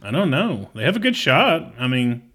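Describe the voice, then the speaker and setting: A man co-hosting a church podcast, chatting casually in brief, relaxed replies. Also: medium pitch, moderate pace. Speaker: podcast co-host. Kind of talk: casual chat.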